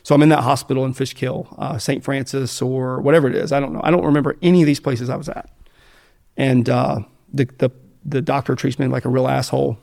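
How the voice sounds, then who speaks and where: A man's voice: mid-range voice, flat delivery, brisk, creaky, darkish tone. An American man speaking bluntly and profanely, rambling with fillers and restarts as he tells his story in an interview. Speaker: guest telling his addiction story.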